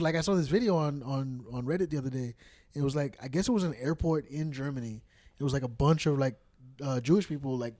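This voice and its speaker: A man co-hosting a podcast in casual banter, telling animated anecdotes and acting out quotes. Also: medium pitch. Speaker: podcast co-host.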